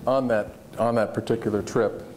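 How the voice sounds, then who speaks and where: A man's voice: medium pitch, fairly even intonation, moderate pace, a little mellow, a little hiss or hum. A man on a discussion panel, telling stories about his years as a White House communications aide. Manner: storytelling, with restarts. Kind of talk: anecdotal panel talk. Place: lecture hall panel.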